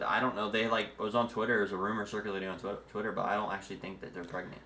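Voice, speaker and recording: A man's voice: on the low side, flat delivery, racing, crowd noise. A young man chatting casually on a stream, joking and teasing. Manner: teasing, joking, says "sure" and "pal". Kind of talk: casual chat.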